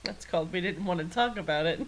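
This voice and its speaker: Young female podcast co-host, lowish voice, steers the conversation. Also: quick pace, slight background noise, low-quality recording. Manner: relaxed, steers the talk, casual swearing. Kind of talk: casual podcast chat.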